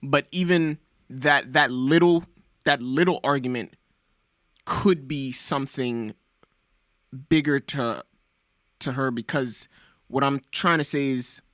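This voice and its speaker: Measured, hesitant male podcast guest. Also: mid-range voice, bright, forceful tone, no room sound, clean studio sound. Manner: measured, hesitant, thinking aloud with fillers. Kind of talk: casual chat.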